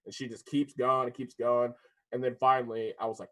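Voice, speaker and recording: A young man co-hosting a casual debate podcast, telling stories with lively energy and frequent laughs. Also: medium pitch, a little fast. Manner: animated storyteller, laughs often, acts out voices. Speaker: podcast co-host.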